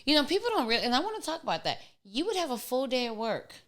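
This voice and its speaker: A woman's voice: high voice, sing-song, racing, fairly bright tone. A woman, a podcast guest in casual chat, earnest and emphatic, repeating her points for weight.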